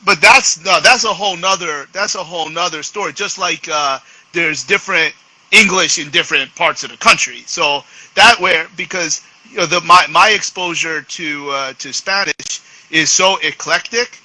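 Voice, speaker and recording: A middle-aged man with a New York accent hosting a casual live chat, talking haltingly with many restarts and slipping into Spanish. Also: fairly high pitch, sharp tone, dry recording, low-quality recording. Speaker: host.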